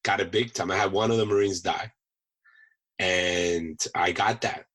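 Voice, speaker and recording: Veteran guest, male, bright husky voice, animated storyteller. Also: deep voice, measured pace, rough recording. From United States. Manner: animated storyteller acting out voices, laughs often. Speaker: podcast guest, Marine veteran chef. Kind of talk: casual storytelling.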